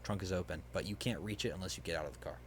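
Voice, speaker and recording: A man's voice: low voice, slight background noise. A man acting as game master, casually narrating a hypothetical scenario and chuckling at the player's choices. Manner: casual, chuckling, quick to play characters.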